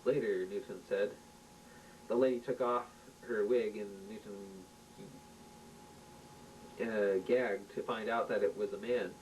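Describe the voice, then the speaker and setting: A man reading a homemade science fiction story aloud, haltingly and with restarts, recorded at home from a distance with a faint rumble. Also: fairly even intonation. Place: home room.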